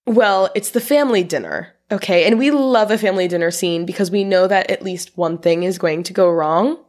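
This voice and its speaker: A woman's voice: fairly low pitch, a little fast, a little mellow. A woman co-hosting a podcast, casually recapping a film from her notes and laughing often. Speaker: podcast co-host.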